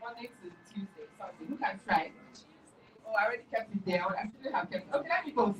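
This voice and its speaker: A woman's voice: on the high side, very animated, brisk, a bit bright, recorded from a distance, slight background noise, low-quality recording. A woman teaching pronunciation to a class, correcting and repeating words one by one. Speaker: diction teacher.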